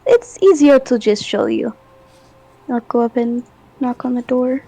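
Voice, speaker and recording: A woman playing a tabletop game, talking casually and quickly explaining things. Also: a little high, expressive, mellow, a little hiss or hum, low-quality recording. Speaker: tabletop player. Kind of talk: casual chat and in-character play.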